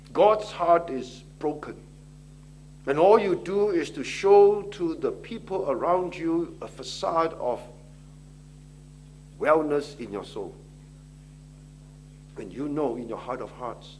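A man's voice: mid-range voice, a little mellow, slight background noise. A middle-aged man preaching a sermon, pressing his listeners with pleading questions. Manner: impassioned, rising to pleading questions.

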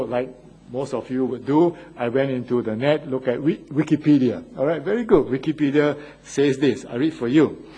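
A man's voice: mid-range voice, a little mellow, breathy edge, rough recording. A man preaching a sermon, stressing key phrases and putting questions to the congregation.

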